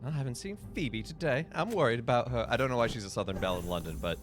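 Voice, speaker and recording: A man's voice: mid-range voice, animated, fast, hardly any pauses, faint music behind. A man giving casual, opinionated commentary as he streams a game, chatting and thinking aloud.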